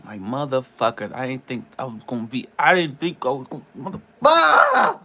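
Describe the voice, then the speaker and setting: A man's voice: mid-range voice, fast, heavy background noise. A man, a personal trainer and nutrition coach, ranting in a casual vlog, frustrated and profane, rambling between laughs.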